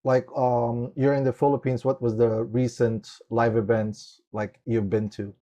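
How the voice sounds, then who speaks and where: Mellow-voiced rambling podcast host, a man. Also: medium pitch, little pitch movement, unhurried. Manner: rambling, heavy use of "like" and "it's like". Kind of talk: casual interview chat.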